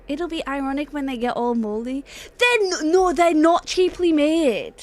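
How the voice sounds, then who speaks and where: A woman's voice: high voice, animated, slow pace, a little mellow. A young woman streaming, chatting casually with viewers in a joking, mock-dramatic way, laughing often and swearing now and then. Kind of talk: casual live-stream chat.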